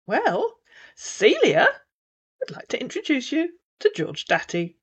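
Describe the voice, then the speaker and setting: A woman's voice: on the high side, wildly swooping pitch, measured pace, breathy edge, dull audio. A woman narrating a story and voicing its dialogue with a scornful, cutting delivery.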